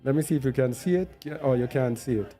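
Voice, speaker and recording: A man's voice: medium pitch, fast, mellow, soft background music. A man giving an unscripted bible teaching. He thinks aloud while searching on screen and repeats words for stress.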